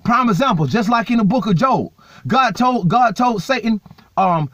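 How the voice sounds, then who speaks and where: A man's voice: high voice, expressive, normal speed, fairly bright tone, dry recording. A man preaching a sermon, repeating phrases and checking in with "right?" and "man". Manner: repetitive, emphatic, frequent "right?" and "man"; conversational, self-correcting. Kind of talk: street-style sermon.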